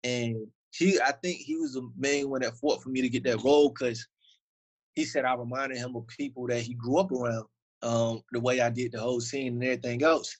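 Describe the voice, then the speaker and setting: Southern guy from virginia, husky voice, laid back slangy interview chat. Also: mid-range voice, steady tone, a little fast, low-quality recording. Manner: loose, slangy, many fillers. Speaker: actor, interview guest. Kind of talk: casual interview storytelling.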